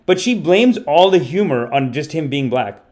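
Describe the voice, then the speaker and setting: A man hosting a casual comedy podcast stream, rambling and animated, with the odd curse. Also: a little high, normal speed. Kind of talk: casual livestream commentary.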